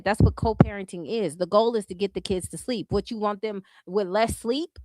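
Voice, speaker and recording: A woman's voice: medium pitch, moderate pace, hardly any pauses, a bit bright, dry recording. A woman hosting a casual reaction stream, giving blunt, sassy commentary full of profanity and mocking asides.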